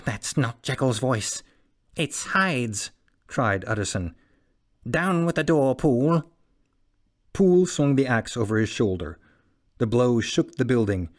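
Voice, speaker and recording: A man's voice: mid-range voice, darkish tone. Man narrating a classic audiobook. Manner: measured, dramatic reading.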